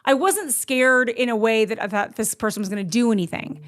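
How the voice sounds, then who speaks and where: A middle-aged woman telling a true story in casual chat, animated and acting out her own past lines. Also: a little high, brisk. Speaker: guest storyteller.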